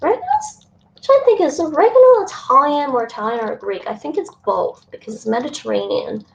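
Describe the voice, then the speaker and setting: A woman's voice: high-pitched, sing-song, brisk, creaky, distant mic. Chatty young woman streaming in a kitchen. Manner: chatty, thinks aloud, laughs often. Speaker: streamer cooking live. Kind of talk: casual cooking chat with chat readers. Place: home kitchen. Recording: roomy, dull stream mic with fan noise.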